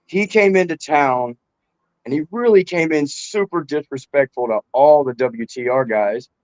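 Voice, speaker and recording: A man's voice: fairly high pitch, moderate pace, no echo, poor audio. A man talking as a rapper guest in a casual interview, laid-back and swearing freely, calling the host bro.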